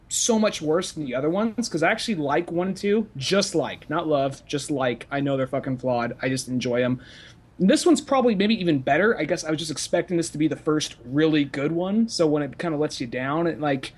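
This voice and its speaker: A man's voice: on the high side, lively intonation, fairly quick. Rambling, profane young man recapping a film. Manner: rambling, profane, with frequent fillers and restarts. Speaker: podcast co-host. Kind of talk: casual chat.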